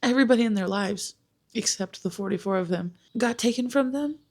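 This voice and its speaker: A woman's voice: on the high side, a little fast, darkish tone. A young woman vlogging about a book she is reading, talking in an emotional, exasperated way with many fillers, close to tears. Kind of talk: casual talking-head vlog update.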